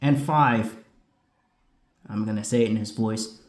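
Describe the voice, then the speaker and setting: A man's voice: on the low side, measured pace. A man casually chatting as a host answering viewer questions, rambling with lots of asides. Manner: lively, rambling, many asides. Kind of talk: casual chat. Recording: roomy echo.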